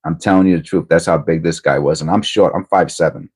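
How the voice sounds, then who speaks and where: A man's voice: low-pitched, fairly even intonation, fast, a little mellow, breathy edge. A middle-aged man hosting his livestream, telling a rambling personal story in a casual, hesitant way with lots of fillers. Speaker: livestream host.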